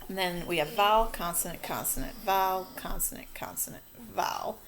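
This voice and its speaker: A woman teaching a children's spelling lesson, dictating words slowly and walking through how to mark each syllable. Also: mid-range voice, a little hiss or hum. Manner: slow, stretched-out word dictation.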